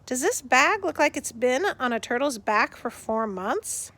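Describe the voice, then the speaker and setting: A woman's voice: sits high, expressive, unhurried, pushed and bright, exaggerated voice. A woman reading the part of a thoughtful, skeptical young girl in an audiobook, asking doubtful questions.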